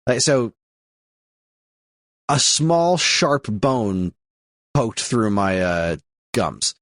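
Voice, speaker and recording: A man's voice: mid-range voice, sing-song, very slow, fairly bright tone, no echo, studio quality. A man co-hosting a podcast, telling a rambling story full of swearing and restarts, with a sore mouth. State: sore mouth while talking. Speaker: podcast co-host. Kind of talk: casual chat.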